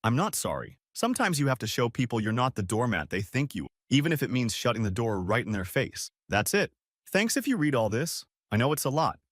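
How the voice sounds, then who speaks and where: A man's voice: medium pitch, sing-song, fairly quick, no room sound, studio quality. A young man narrating a first-person story in a blunt, defiant way.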